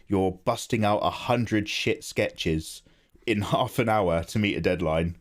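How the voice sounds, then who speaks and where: A man chatting casually on a live art stream, rambling, joking and reading out his chat from home. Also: on the low side. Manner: chatty, rambling, quick to joke, reads chat aloud. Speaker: live-streaming digital artist.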